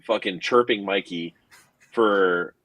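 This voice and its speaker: A man's voice: low-pitched, takes it slowly, fairly bright tone, no echo. A man co-hosting a casual music podcast, explaining a running joke with a wry, laughing tone. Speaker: co-host.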